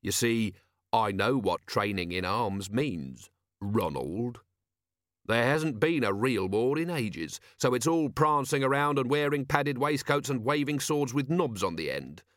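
A man voicing a gruff middle-aged watch commander who talks in a dry, sarcastic, streetwise way. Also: mid-range voice, expressive, moderate pace, hardly any pauses, a bit bright, no room sound, natural voice. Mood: sardonic.

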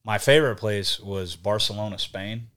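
Young male podcast guest, low-ish voice, loose profane anecdotes told with energy. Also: moderate pace. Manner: profane, animated storytelling. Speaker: podcast guest, band vocalist. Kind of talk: casual podcast chat.

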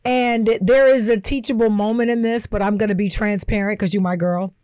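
A woman's voice: mid-range voice, steady tone, fairly quick, a little mellow, clear, resonant tone, dry recording. A woman co-hosting a casual chat over drinks, telling a candid personal story and quoting others as she goes. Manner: candid, storytelling with quoted voices. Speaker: co-host.

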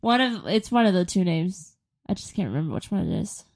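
A young woman co-hosting a podcast, telling a story in lively casual chat and teasing her friend. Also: fairly low pitch, a little fast, creaky. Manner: animated storytelling, teasing, laughs often. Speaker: podcast co-host.

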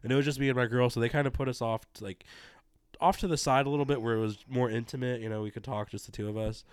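A young man tells a long story to his podcast co-host, rambling and swearing as he acts out what people said. His voice is smooth and clear, caught on a dry, close mic. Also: medium pitch, fairly even intonation, fast talker, no room sound. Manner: rambling, profane, acts out quotes. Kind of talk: casual storytelling chat.

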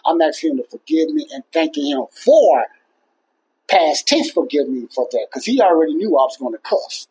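A man's voice: high-pitched, very animated, normal speed, gravelly, a little mellow, breathy edge, poor audio. A man hosting a casual Christian talk show, rambling and repeating himself in an earnest, plainspoken way. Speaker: Christian podcast host. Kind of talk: casual faith talk to listeners.

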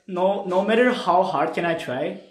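A young man from Turkey telling stories as a podcast guest in casual chat, animated and ending lines with a questioning "right?". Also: high voice, moderate pace. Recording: echoey room.

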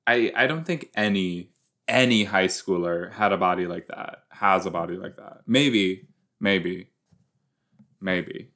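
A man's voice: deep voice, unhurried, bright, forceful tone. A young man giving casual, joking commentary while reacting to a TV episode, with rambling asides. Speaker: show reaction host.

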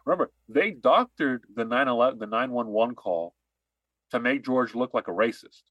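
A man's voice: medium pitch, lively intonation, normal speed, no room sound, muffled recording. Emphatic ranting man, dry sound. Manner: emphatic, ranting, repeats himself. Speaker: podcast co-host. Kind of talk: heated political chat.

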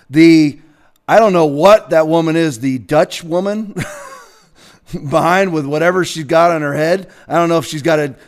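A man delivering an emphatic, combative political opinion rant. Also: on the high side. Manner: combative, emphatic, bursts into shouting. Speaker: political commentator.

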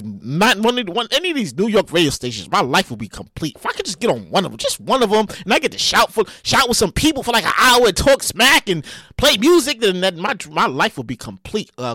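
A man hosts a solo podcast, his voice swinging wildly from low mutters to high yelps, bright and sharp in tone. The recording is dry, with little room sound and no echo. He addresses listeners directly, casual and profane, breaking into sudden loud outbursts.

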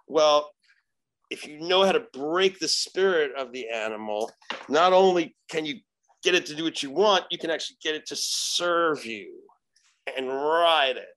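A man, a shaman guest on a podcast, telling a story in casual chat, animated and profane. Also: on the high side, moderate pace. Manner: animated, profane, acts out quoted dialogue.

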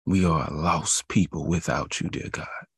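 A man's voice: rumbling low, normal speed, creaky, slightly rough, no echo, studio quality. A man preaching a devotional sermon in an emphatic, repetitive cadence.

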